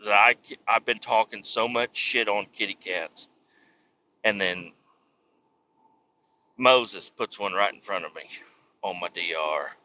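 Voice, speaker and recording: A man with a very bright, sharp-edged voice rambles through a profane, self-mocking tale as a podcast host. The sound is dull and lo-fi. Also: lowish voice, takes it slowly, pauses often. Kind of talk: comedic storytelling monologue.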